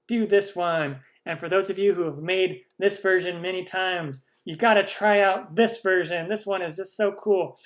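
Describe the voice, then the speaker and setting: A man hosting a live cooking stream, chatty and enthusiastic as he reads out and answers viewer questions. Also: on the high side. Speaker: cooking channel host.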